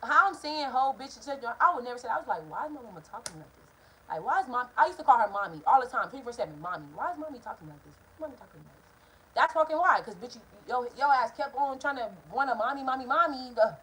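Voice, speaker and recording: A young woman telling a story to her viewers, animated and profane, talking straight to the camera. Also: high-pitched, fast, a little hiss or hum, low-quality recording. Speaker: vlogger. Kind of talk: casual storytime vlog.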